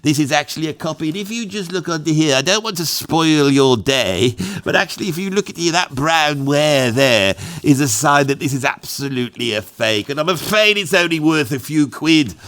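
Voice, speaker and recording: A man's voice: fairly high pitch, lively intonation, normal speed, hardly any pauses, fairly bright tone. A man voicing a posh male antiques expert who politely breaks the bad news that an heirloom is a fake. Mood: appraising.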